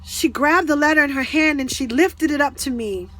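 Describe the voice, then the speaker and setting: A woman's voice: sits high, moderate pace, a bit bright. A woman earnestly telling a personal spiritual story to her followers, emotional and repeating herself as she goes. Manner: earnest, repetitive, often restarts sentences; emotional, near tears at times. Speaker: spiritual speaker.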